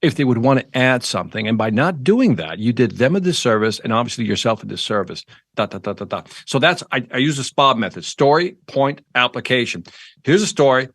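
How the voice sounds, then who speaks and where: A man's voice: medium pitch, fairly quick, dry recording, clean studio sound. A middle-aged man, a sales trainer, telling an anecdote in an interview and acting out its dialogue. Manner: animated, acts out the dialogue in his anecdotes. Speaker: sales trainer and motivational speaker. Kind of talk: storytelling in an interview.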